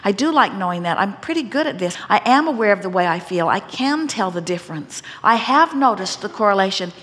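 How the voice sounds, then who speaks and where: A woman giving an inspirational seminar talk to a live audience, speaking as a collective "we" in a deliberate, gently teasing manner. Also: mid-range voice, lively intonation. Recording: long hall reverb.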